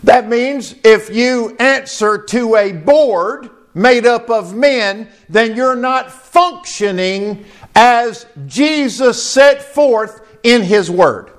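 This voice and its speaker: A man preaching a sermon as pastor, slow and emphatic, asking the congregation questions. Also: extremely high pitch.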